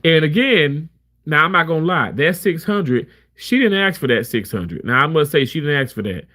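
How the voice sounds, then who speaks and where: A man's voice: a little high, animated, moderate pace, sharp tone. A man talking to camera as a live streamer, telling a story in a candid, emphatic way with many restarts. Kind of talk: casual storytelling rant.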